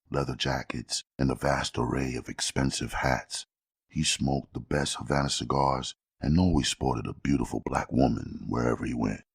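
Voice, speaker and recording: A man narrating a crime novel audiobook in a steady, measured storytelling manner with a gravelly voice. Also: rumbling low, no room sound, clean studio sound.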